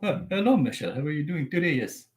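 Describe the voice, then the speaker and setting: A man's voice: fairly high pitch, sing-song, quick pace, pitched above the performer's own voice. A man voicing an overly polite foreign caller with a put-on Middle Eastern accent and a sing-song manner. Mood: mock polite.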